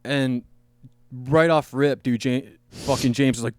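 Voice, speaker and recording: A man's voice: mid-range voice, takes it slowly, dry recording, studio quality. Casual, profane male podcast storyteller. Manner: rambling, profane, laughing at his own story. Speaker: podcast host. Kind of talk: casual storytelling among friends.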